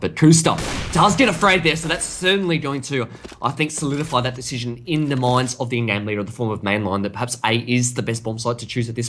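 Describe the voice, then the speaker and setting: A man working as an esports color commentator who talks quickly and breaks the tactics down in dense detail. His voice sits at an ordinary middle pitch, and he keeps up a steady, rapid flow of analysis. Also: a little hiss or hum.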